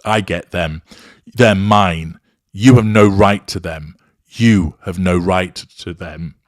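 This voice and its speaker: A man's voice: low voice, takes it slowly, dry recording, studio quality. A man voicing an abusive, entitled man, quoting him in a sarcastic and belittling way. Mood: contemptuous.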